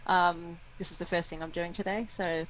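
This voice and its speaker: A woman from Australia, a guest in a casual interview, relaxed and friendly. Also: on the low side, normal speed, a little hiss or hum, poor audio. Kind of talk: casual video-call interview.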